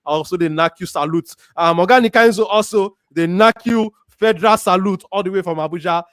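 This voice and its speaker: A man from Nigeria, speaking with a Nigerian Pidgin accent, hosts a casual football chat show, reading out viewer comments and giving lively shout-outs. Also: high-pitched, a little fast, smooth, dry recording, studio quality. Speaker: show host. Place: Warri, Nigeria.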